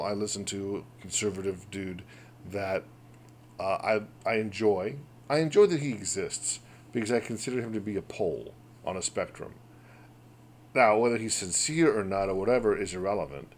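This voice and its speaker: A man with a fairly low voice gives an emphatic monologue on his own podcast. He piles up rhetorical questions and wanders into asides. A faint hum runs under the recording. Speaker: podcast host. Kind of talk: casual opinion monologue.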